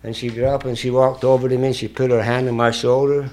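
An older man holding the floor at a meeting, talking straight and salty with plenty of swearing. He is self-mocking and plain-spoken, at a middle pitch, dropping low and quiet, then climbing loud and laughing. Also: level tone, quick pace, few pauses. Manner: blunt, profane, self-mocking. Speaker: speaker sharing at a recovery meeting. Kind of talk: storytelling speech to an audience.

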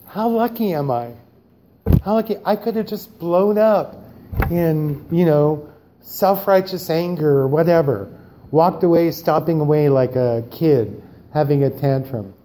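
A man sharing his own story at a recovery meeting, animated and acting out dialogue, then growing quiet and subdued on serious parts. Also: on the high side, a little slow. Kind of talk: personal recovery share.

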